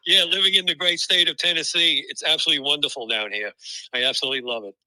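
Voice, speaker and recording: A middle-aged man with a Brooklyn accent chatting as a guest, enthusiastic and quick to laugh. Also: fairly high pitch, fairly even intonation, bright, forceful tone, no echo, low-quality recording. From New York. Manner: laughs often, enthusiastic, repeats words. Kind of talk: casual interview chat.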